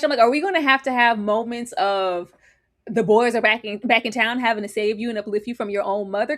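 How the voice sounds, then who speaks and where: Animated woman recapping a TV show. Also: fairly high pitch, brisk. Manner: animated, dramatic, laughing asides. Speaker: podcast co-host. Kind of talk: casual TV recap chat.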